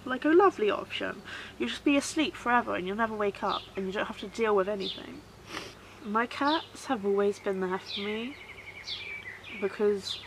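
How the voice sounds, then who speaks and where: A woman records a personal vlog outdoors, her voice soft, halting and sorrowful. She circles back on her words and repeats herself as if steadying her nerves. Clear background noise of birds and wind runs under the recording. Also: mid-range voice. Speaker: vlogger.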